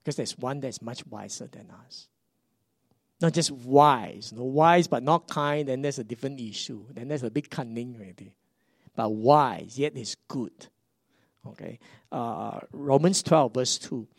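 A middle-aged man with a Singaporean English accent, preaching a sermon as a pastor, animated and swinging between hushed and emphatic. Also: medium pitch, measured pace, creaky, no room sound, clean studio sound.

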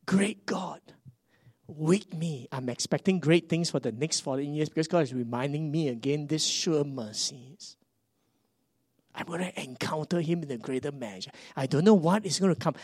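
A middle-aged man with a Singaporean English accent, preaching a sermon as a pastor, animated and swinging between hushed and emphatic. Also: on the high side, no echo, studio quality.

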